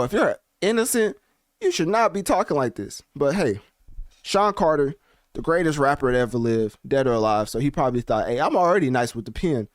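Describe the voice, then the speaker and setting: A man hosting a casual commentary video, talking in an animated, slangy and rambling way. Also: mid-range voice, no room sound, clean studio sound. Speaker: commentary channel host.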